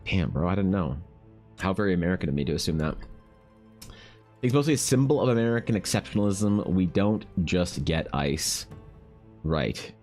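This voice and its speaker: A man's voice: low voice, animated, moderate pace, pauses often, darkish tone, soft background music. A man live-streaming while drawing, rambling, joking and swearing casually with lots of restarts. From Canada.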